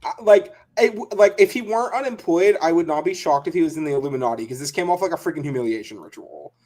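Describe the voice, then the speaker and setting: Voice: medium pitch, lively intonation, quick pace, a little mellow. A podcast co-host in casual chat, emphatic and repeating key words for stress.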